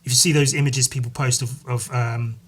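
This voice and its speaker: This solo podcast host wanders through casual talk, swearing often and padding pauses with "um" and "like." He has a mid-range, slightly rough voice with fairly even intonation.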